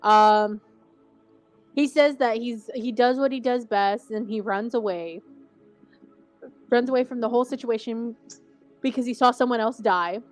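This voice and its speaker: A woman co-hosting a casual TV recap podcast, rambling and animated, saying "like" constantly and laughing often. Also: on the high side, unhurried, pauses often, faint music behind. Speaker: podcast co-host.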